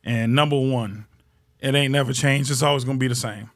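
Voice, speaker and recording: A man's voice: medium pitch, fairly even intonation, a little fast. A man hosting a comedy podcast, chatting loosely and ranting with profanity and jokes. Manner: loose, profane, joking rants. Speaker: podcast host. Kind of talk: casual comedic podcast chat.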